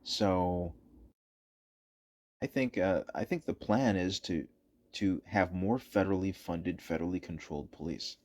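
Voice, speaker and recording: A man's voice: deep voice, a little slow, a little mellow. A man giving opinionated commentary over footage, emphatic and repeating his points for stress. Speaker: political commentator.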